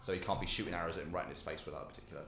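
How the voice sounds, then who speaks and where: A man running a tabletop game as game master, giving quick offhand rulings and chuckling now and then. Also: low voice, fairly even intonation, vocal fry. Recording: roomy sound with music underneath.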